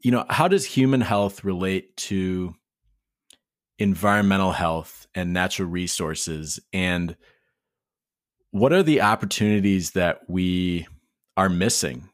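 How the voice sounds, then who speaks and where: A man interviews a guest, his voice very deep. He builds his questions slowly, repeating words and adding fillers as he goes. The sound is dry, with no room echo. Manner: hesitant, restarting questions with uh and you know.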